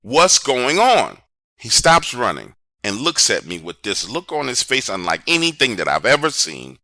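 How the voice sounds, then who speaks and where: Bright, lively man telling a story. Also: medium pitch, no room sound, studio quality. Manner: animated, conversational, dramatic pauses. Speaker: horror storyteller. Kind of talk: first-person storytelling.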